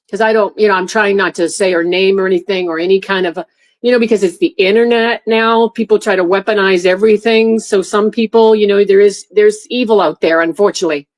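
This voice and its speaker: A middle-aged woman, a former airport security officer, recounting a painful memory in a halting way with many restarts. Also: medium pitch, low-quality recording. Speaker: interview guest, former TSA officer. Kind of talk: emotional personal recollection.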